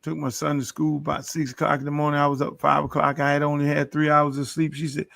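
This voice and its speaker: A middle-aged man with a gravel-edged voice that sits a bit high for a man, holding forth on his own podcast. He preaches and brags in a long, profane monologue. The sound is close and dry. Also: monotone, quick pace, a bit bright, no room sound. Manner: preachy, boastful, heavy swearing. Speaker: podcast host.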